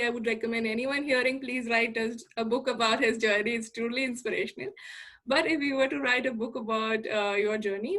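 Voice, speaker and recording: A woman's voice: fairly high pitch, a bit bright. A woman hosting an interview show over a video call, upbeat and encouraging as she introduces segments and asks questions. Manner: upbeat, encouraging, many you-knows. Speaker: podcast host.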